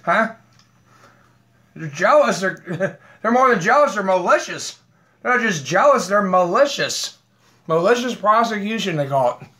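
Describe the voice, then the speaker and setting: High, bright-voiced rambling man. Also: lively intonation, a little slow, long pauses. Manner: rambling, laughs often, talks while eating; aggrieved, combative. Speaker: vlogger. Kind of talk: rambling live video chat.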